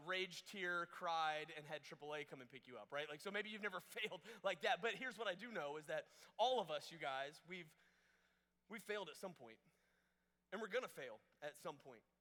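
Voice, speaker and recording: Young guy preaching at camp, high bright voice, big echoey hall, acts out all the quotes. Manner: animated, jokey, acts out quotes in different voices. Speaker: camp speaker. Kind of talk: youth sermon storytelling.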